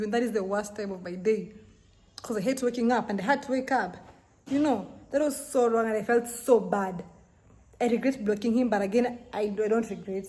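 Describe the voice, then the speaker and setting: A woman's voice: fairly high pitch, darkish tone. Young woman telling an exasperated story. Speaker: vlogger. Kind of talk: casual storytelling vlog.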